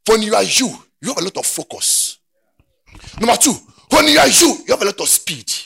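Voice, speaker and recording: A man preaching a sermon, dropping to quiet talk and then rising to shouted, sing-song preaching. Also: high-pitched, sing-song, brisk, creaky, breathy edge.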